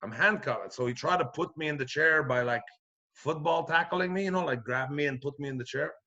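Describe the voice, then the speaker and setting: A middle-aged man from Quebec telling a profane, animated anecdote on a podcast, acting out the other people's voices. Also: on the high side, fairly quick, highs cut off. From Quebec, Canada. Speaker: podcast guest comedian. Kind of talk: storytelling anecdote.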